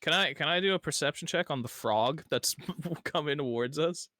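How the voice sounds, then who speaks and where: A man playing a tabletop role-playing game who jokes loudly and swears. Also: a little high, moderate pace, no room sound, clean studio sound. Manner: loud, joking, swears. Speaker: player.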